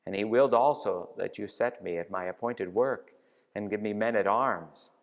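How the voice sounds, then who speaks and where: A man reading aloud and voicing a devout, gentle young peasant woman, heard in a reverberant church hall. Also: on the low side, moderate pace, vocal fry. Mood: solemn.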